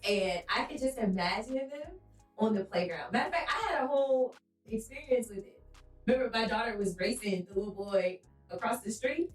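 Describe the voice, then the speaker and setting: A woman's voice: on the high side, animated, fairly quick, reverberant, far from the mic, faint music behind, poor audio. A woman co-hosting a faith-based podcast, talking in an emphatic, preacherly way and telling stories with animation. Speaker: podcast co-host.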